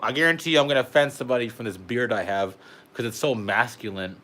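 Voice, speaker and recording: A man's voice: medium pitch, fast talker, sharp tone. A young man, delivering a heated, profane political rant to camera and peppering his talk with "bro". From Canada. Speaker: vlogger.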